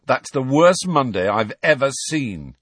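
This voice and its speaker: A man's voice: medium pitch, big pitch swings, unhurried, fairly bright tone, husky, no room sound, studio quality, recorded from a distance, voice pushed up, exaggerated voice. A man voicing Ron, a grumpy, sulky teenage schoolboy who grumbles about his lessons. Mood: grumbling. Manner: sulky, exasperated.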